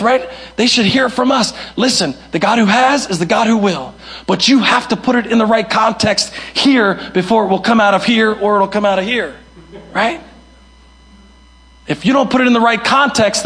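A man's voice: high voice, normal speed, fairly bright tone, breathy edge. A young male pastor preaching a sermon, emphatic and repeating his key phrases. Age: young adult. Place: church hall.

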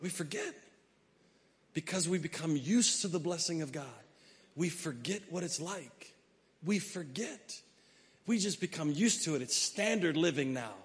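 A pastor preaches a sermon in a large hall, his slightly high voice animated yet measured, broken by long pauses. He shifts between quiet, conversational asides and loud, emphatic preaching, and he reads scripture aloud.

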